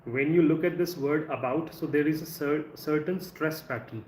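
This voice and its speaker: A man with an Indian English accent teaching English in a live stream, speaking conversationally and drawing out words slowly to show word stress. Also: on the high side, darkish tone. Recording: echoey room with faint ambient noise.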